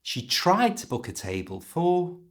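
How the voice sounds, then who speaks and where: A man with a British accent teaching English learners, explaining everyday phrases and slowly modelling how to pronounce them. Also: medium pitch, sing-song. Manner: clear, slow modelling of pronunciation.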